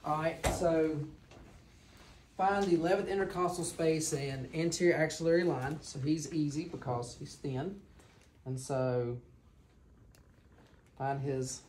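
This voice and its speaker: A woman's voice: deep voice, a little slow, long pauses, darkish tone, slight background noise. A woman, teaching a physical exam to a class and checking in with her students as she demonstrates. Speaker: clinical instructor.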